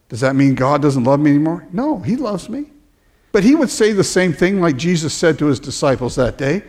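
Male pastor, sermon delivery, lively swinging pitch, stumbles and restarts, acts out quotes. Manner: animated preaching with stammered restarts and acted-out quotes.

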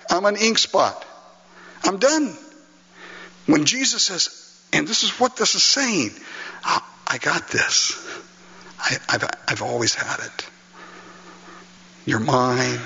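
A man's voice: on the high side, sharp tone, husky, in a large hall, highs cut off. A male pastor preaching an earnest, emphatic sermon, often breaking into laughter.

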